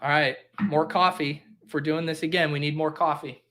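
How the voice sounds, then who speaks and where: A man's voice: fairly high pitch, fairly even intonation, normal speed, bright, forceful tone. A man hosting a casual livestream, joking and reading chat aloud in a mock-earnest way. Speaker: fantasy football streamer. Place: home basement.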